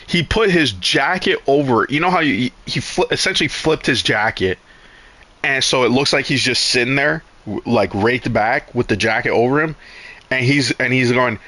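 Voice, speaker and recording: A man streaming live who tells a story in a loose, rambling way, full of swearing and restarts. His voice is bright and forceful. He sits at a middle pitch. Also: moderate pace, dry recording. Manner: animated, profane, rambling with restarts.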